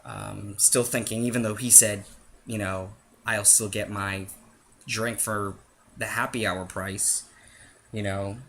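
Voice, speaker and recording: A man's voice: on the low side, little pitch movement, slow, creaky, a bit bright, slight background noise. A man telling a casual story-time vlog, rambling and interrupting himself as he goes. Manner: rambling, self-interrupting, chatty.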